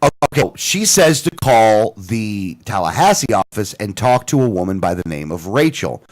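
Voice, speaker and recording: Lebhafter Mann, der ein Telefonat nacherzählt. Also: male voice, fairly low pitch, normal speed. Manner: animated storyteller, lots of restarts and quoted dialogue. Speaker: radio show co-host. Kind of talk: casual chat, retelling a phone call.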